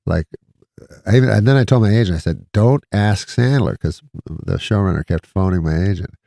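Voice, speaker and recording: A middle-aged man telling a rambling, deadpan comedy anecdote in casual chat, chuckling between lines. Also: low-pitched, brisk, vocal fry, no echo, clean studio sound. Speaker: comedian guest.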